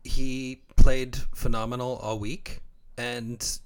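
A man's voice: medium pitch, level tone, slow, smooth. A man from Canada co-hosting a podcast, chatting casually about the sport and laughing often. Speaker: podcast co-host. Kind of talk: casual chat.

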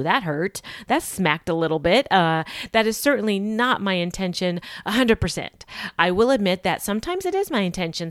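A woman's voice: medium pitch, clear, resonant tone, no room sound, studio quality. Blunt, candid woman podcast host. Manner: candid, in-your-face, sarcastic; rambling with frequent ums and restarts. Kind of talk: solo podcast monologue.

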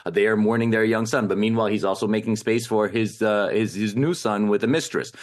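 A man's voice: on the low side, fairly even intonation, brisk. A film critic, a man, giving a thoughtful, rambling analysis on a podcast. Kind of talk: podcast discussion.

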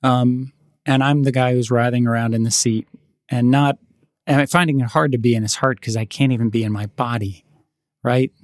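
Reflective man telling gentle stories. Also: medium pitch, moderate pace, dry recording, studio quality. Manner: reflective storyteller, gentle and animated in anecdotes. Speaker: podcast co-host. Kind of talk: casual conversation.

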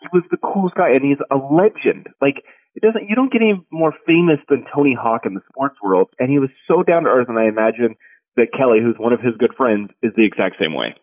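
A man's voice: medium pitch, expressive, fast, no echo, poor audio. A man co-hosting a podcast, chatty and supportive in casual conversation. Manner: chatty, supportive, easy-going. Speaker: podcast co-host. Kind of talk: casual chat.

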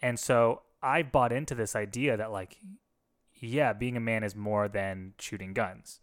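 A man's voice: fairly low pitch, fairly even intonation, measured pace, clean tone. A man, a former pastor, talking candidly and reflectively in a casual conversation, with frequent restarts. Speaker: podcast co-host, former pastor.

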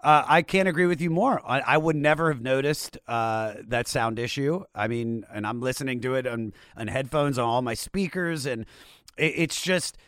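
A man's voice: mid-range voice, moderate pace, a bit bright, no echo, studio quality. Enthusiastic male podcast host. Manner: enthusiastic, chatty. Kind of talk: casual podcast conversation.

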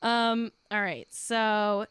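A woman's voice: mid-range voice, fairly even intonation, very slow, fairly bright tone, clear, resonant tone. A young woman co-hosting a casual gossip podcast, playful and mock-solemn. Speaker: podcast co-host. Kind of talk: casual celebrity gossip chat.

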